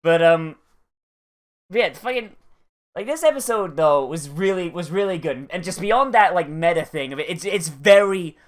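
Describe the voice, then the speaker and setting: An anime reviewer giving casual reaction commentary in a profane, rambling, animated way. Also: medium pitch, normal speed.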